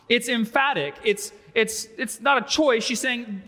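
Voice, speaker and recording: A pastor in his thirties delivers a sermon with a high, bright, forceful voice. He tells stories in an animated, joking way. The sound carries a long reverb from the sanctuary. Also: normal speed, few pauses. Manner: animated storytelling with humor. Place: large church sanctuary.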